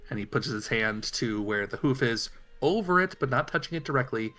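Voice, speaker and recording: A man's voice: mid-range voice, lively intonation, brisk, sharp tone, faint music behind. A man playing a tabletop game, thinking aloud hesitantly with many fillers. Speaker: player. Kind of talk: tabletop game role-play.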